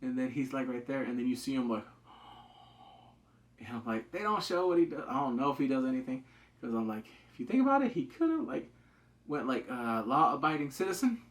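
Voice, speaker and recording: A man giving a rambling, excited recap of a TV show, full of fillers and loud acted-out yelps. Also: mid-range voice, normal speed. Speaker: show reviewer. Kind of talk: casual spoken recap.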